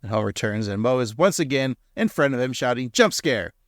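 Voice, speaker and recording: A man hosting a podcast, recapping an episode and teasing his co-host in a lively way. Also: medium pitch, brisk, no room sound, studio quality. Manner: teasing, animated.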